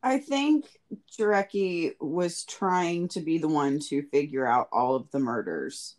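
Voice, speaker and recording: A woman's voice: low voice, lively intonation, unhurried, darkish tone. A woman co-host in casual chat, musing about the episode in a thoughtful way. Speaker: podcast co-host.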